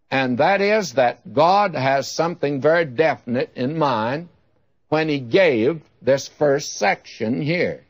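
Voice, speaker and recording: A man's voice: mid-range voice, no echo. A man teaching the Bible in a folksy way, speaking directly to the listener and asking rhetorical questions. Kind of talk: radio Bible study teaching. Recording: dull lo-fi radio recording.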